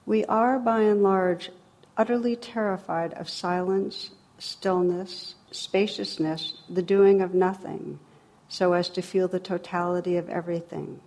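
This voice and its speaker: A woman's voice: on the low side, steady tone, measured pace, darkish tone. A middle-aged woman giving a dharma talk as a meditation teacher, wry and humorous, then reflective.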